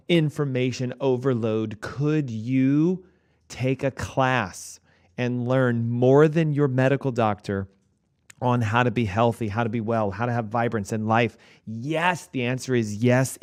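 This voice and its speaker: A man's voice: medium pitch, clean tone. A man hosting a health talk show as a physician, telling stories in an emphatic, conversational way.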